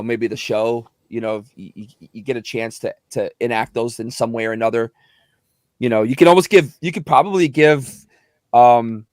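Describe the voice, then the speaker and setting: Male podcast guest, voice actor, animated talker, mid-range voice, dry room. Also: medium pitch, no room sound. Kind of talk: casual podcast chat.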